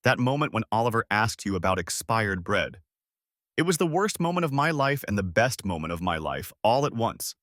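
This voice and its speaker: Guy reading as a kind young bakery lady, earnest, lively pitch, dry sound. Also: moderate pace, no room sound. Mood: gentle. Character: kind young woman bakery owner, gentle.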